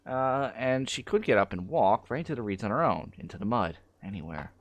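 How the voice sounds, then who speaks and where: A man's voice: fairly low pitch, lively intonation, brisk. A man reading a game's narration aloud on a stream, mixing in casual asides.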